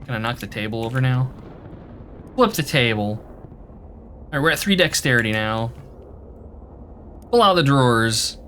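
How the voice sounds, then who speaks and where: A man's voice: medium pitch, expressive, moderate pace, long pauses, bright, forceful tone, slight background noise. A man streaming a video game, reading the game text aloud and reacting playfully.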